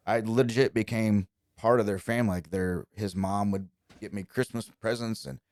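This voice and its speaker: A young man from Indiana, a country singer, telling stories as a guest in relaxed, chatty conversation. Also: lowish voice, moderate pace, no room sound, studio quality. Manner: relaxed, chatty, lively when quoting people. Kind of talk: casual storytelling.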